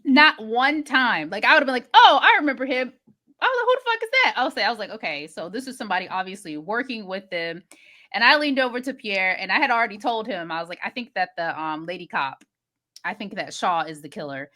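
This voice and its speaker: A woman co-hosting a podcast, recapping a movie in casual chat with expressive, exasperated asides. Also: mid-range voice, a little fast. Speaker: podcast co-host.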